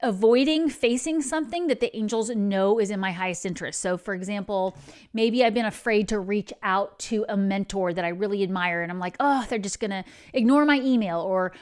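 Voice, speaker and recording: A woman's voice: mid-range voice, a little fast, a little mellow, smooth. A woman hosting a spiritual advice channel, talking in an earnest, meandering way that drifts into digressions.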